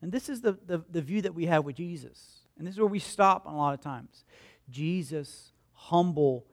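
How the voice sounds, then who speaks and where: Preaching at normal speed, this pastor has a voice that runs a little high. His sermon unfolds as conversational storytelling in which he animatedly acts out individual and crowd quotes, often asking the congregation questions.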